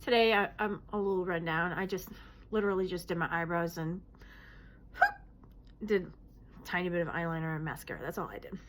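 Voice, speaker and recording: A woman in her late thirties chatting casually as she answers viewer questions, her talk broken by sudden hoots, outbursts and throat clearing. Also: on the low side, brisk, long pauses, background noise. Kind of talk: casual Q&A vlog.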